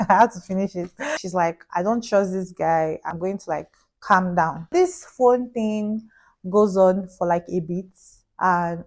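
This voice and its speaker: A young woman, telling a story on her vlog in a chatty, animated way, with pidgin phrases. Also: on the low side, a little slow. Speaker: vlogger.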